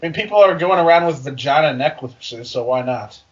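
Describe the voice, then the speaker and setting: A man reading fan fiction aloud for comedy, with joking, deadpan asides. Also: fairly high pitch, brisk, lo-fi sound.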